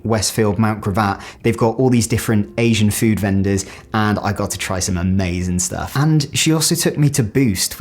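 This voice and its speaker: A young British man from the UK chatting casually to camera in a vlog, animated and full of "like" fillers. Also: fairly low pitch. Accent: British English. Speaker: vlogger.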